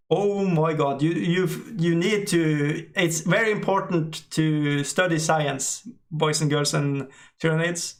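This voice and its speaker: A middle-aged man, an English speaker, hosting a casual live stream and reading out chat, halting with many fillers and frequent laughs. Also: on the high side, steady tone.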